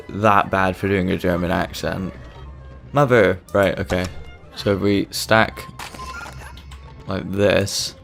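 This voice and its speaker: Low gravelly man, chatty gamer. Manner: chatty, self-mocking. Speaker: gaming channel host. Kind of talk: let's-play commentary. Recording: gameplay video with faint game music behind.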